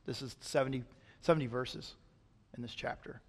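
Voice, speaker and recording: A male pastor preaching a sermon in a church sanctuary, speaking earnestly and building to loud, emphatic passages. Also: medium pitch, steady tone, normal speed. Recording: long reverb of a large hall.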